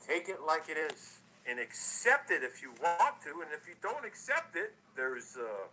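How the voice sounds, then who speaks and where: Middle-aged guy ranting on a livestream, cursing a lot, slightly high voice, lots of noise behind him. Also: big pitch swings, normal speed, sharp tone, rough recording. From New Jersey. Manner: blunt, profane, repetitive. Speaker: YouTuber. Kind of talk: livestream rant to viewers.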